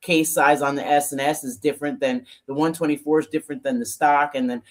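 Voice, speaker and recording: A woman's voice: low voice, fairly even intonation, brisk. Co-host, woman, chatty and rambling storyteller, heard over a video call. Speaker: co-host and motorcycle builder. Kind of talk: casual storytelling chat.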